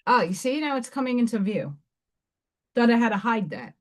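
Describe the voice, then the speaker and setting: A hoarse woman with a New York accent and a slightly high voice. She talks in an excitable, chatty way between oracle-card readings and reads the affirmations aloud on a live stream. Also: normal speed. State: hoarse, voice weakened.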